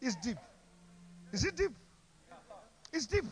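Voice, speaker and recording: A man preaching a sermon at a church service, shouting call-and-response lines and repeating phrases over and over. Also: extremely high pitch, big pitch swings, takes it slowly.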